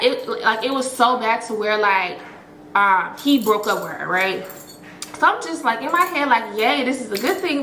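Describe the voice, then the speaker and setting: A woman vlogger with a mid-range voice tells her viewers a story in a chatty, slangy, profane style, full of fillers. She's expressive and acts out quotes, and the low-quality recording sounds roomy with slight background noise.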